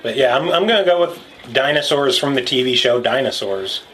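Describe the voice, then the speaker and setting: A man's voice: mid-range voice, lively intonation, fairly quick, a bit bright, a little hiss or hum, poor audio. A man hosting a casual podcast, joking with friends and reading listener emails. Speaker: podcast host.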